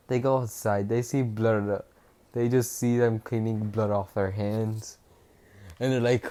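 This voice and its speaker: A young man casually retelling a fan-fiction story, rambling and rushed, with restarts and swearing. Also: lowish voice, warm tone.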